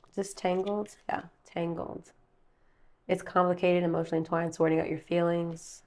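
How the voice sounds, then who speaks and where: A woman's voice: on the low side, flat delivery, moderate pace. Chatty woman giving a tarot reading. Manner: chatty, rambling, calls viewers babe and baby. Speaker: tarot reader. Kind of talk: casual tarot reading to camera. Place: her room at home.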